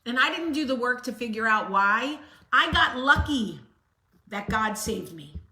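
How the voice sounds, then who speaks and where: A woman's voice: a little high, lively intonation, moderate pace, bright, forceful tone, slight background noise. A woman host giving a blunt, sassy motivational talk straight to the camera. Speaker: vlog host. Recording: roomy echo.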